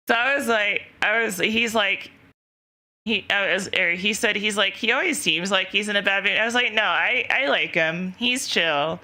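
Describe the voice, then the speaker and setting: A woman's voice: medium pitch, moderate pace, sharp tone. A young woman streamer casually telling a rambling story to her chat, laughing often and quoting herself. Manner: giggly, rambling, lots of self-quoting.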